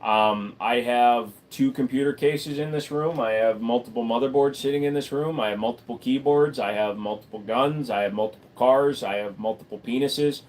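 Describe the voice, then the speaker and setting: A man of ordinary pitch hosts a relaxed livestream from a room at home, fielding viewer questions one after another. His delivery is blunt and deadpan, with crude jokes dropped in flatly. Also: moderate pace, few pauses. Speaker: livestream host. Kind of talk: casual livestream Q&A, answering chat. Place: room at home full of computer gear.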